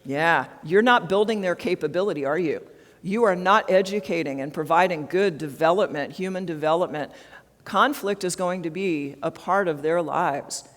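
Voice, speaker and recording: A woman's voice: fairly low pitch, normal speed. A woman giving an interactive HR training talk at a conference, often checking in with the audience with tag questions. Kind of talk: interactive workshop presentation. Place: large conference hall. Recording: long hall reverb.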